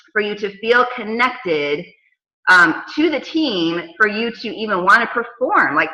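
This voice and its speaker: A woman in her thirties coaching her team on a casual video call, telling stories with lively, dramatic asides. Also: medium pitch, reverberant, poor audio. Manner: animated storytelling with dramatic quoted asides.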